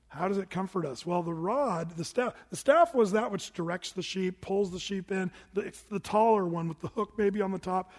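High-voiced pastor preaching in a hall. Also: male voice. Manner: conversational storytelling preaching, asks the congregation questions. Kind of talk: sermon. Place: church hall with congregation. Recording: long hall reverb from a church room.

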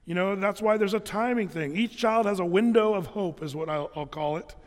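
Pastor, male, higher register, conversational sermon delivery full of ums and restarts, long reverberant room. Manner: conversational, halting with many fillers and restarts.

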